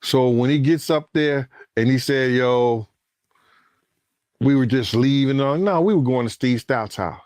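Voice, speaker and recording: A man tells an animated story in casual, profane language, acting out quoted voices and cursing, and rising to shouts as the tension builds. His mid-range voice is unhurried, and the studio-quality recording has no room sound.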